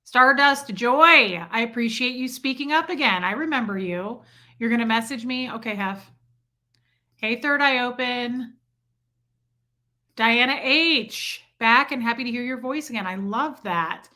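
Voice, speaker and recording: Bright-voiced chatty woman hosting a livestream. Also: fairly high pitch, measured pace. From Michigan. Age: adult with a child. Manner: chatty, reads out viewer names in a roll call. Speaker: livestream host. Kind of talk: casual livestream chat.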